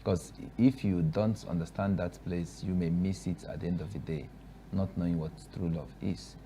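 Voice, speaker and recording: A man, a guest pastor on a Christian talk show, who affirms often and reads scripture haltingly. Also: low-pitched, steady tone, mellow, a little hiss or hum.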